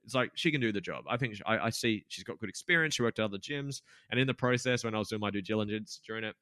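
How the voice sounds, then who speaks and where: A young man in his twenties tells a story as a podcast guest, candid and full of swearing, fillers and false starts. His voice is bright and forceful and sits a little low. The recording is dry and close. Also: animated, very fast, clear, resonant tone, no room sound. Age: 20s. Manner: candid, swears freely, many fillers and restarts. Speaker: podcast guest, gym business owner. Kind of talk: casual storytelling interview.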